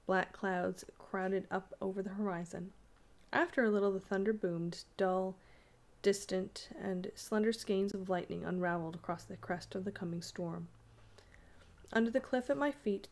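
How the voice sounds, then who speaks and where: A woman reading a classic ghost story aloud, measured, with small slips and restarts along the way. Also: medium pitch, a little mellow. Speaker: audiobook reader.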